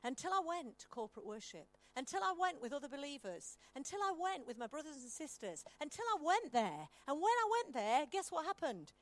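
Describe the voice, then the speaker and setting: A woman's voice: sits high, big pitch swings, a little fast, few pauses. A woman preaching a sermon, reading long scripture passages aloud and stopping to explain them to the congregation.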